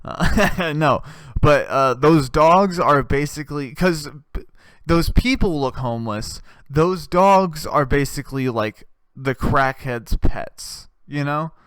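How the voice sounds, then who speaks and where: A man's voice: on the high side, slow, fairly bright tone, clean tone, no room sound. Male comedy podcast host, sarcastic profane ranter, clean resonant voice, dry close mic. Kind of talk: casual comedic rant.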